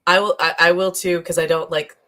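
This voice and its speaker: A woman's voice: fairly low pitch, level tone, brisk, a loud crowd. A woman co-hosting a podcast in casual, rambling chat, laughing often as she talks. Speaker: podcast co-host. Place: streaming live.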